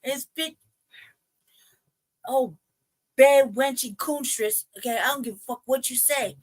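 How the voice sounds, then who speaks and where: A woman hosting a livestream, giving a heated, profane rant that circles back on itself as she tries to calm herself down. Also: high-pitched, unhurried. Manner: profane, heated, repetitive ranting; trying to calm herself down between outbursts. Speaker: livestream host. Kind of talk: ranting commentary livestream.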